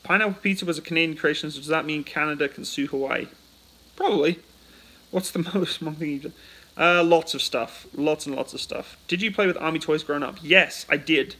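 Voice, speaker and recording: This British host from the United Kingdom runs a casual livestream, answering viewer questions chattily after reading them out, all into a phone. His voice is fairly high, pushed, and bright, and the recording is low quality.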